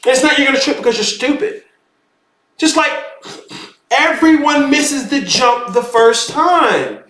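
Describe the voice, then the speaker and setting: A high-voiced man lecturing on spirituality with lots of energy, his pitch leaping up and down. He talks emphatically and swears freely. The room around him is echoey. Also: expressive, unhurried, a bit bright. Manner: emphatic, profane, keeps saying "bro". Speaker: spiritual teacher. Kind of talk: animated casual lecture. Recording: roomy echo.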